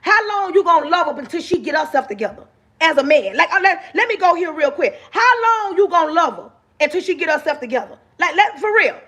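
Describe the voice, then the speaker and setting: Woman, live-stream ranter; very high, bright, forceful voice; emphatic, preachy, lectures the audience. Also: sing-song, fast talker. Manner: preachy, emphatic, calls listeners baby; raises her voice, talks with her hands. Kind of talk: passionate motivational rant.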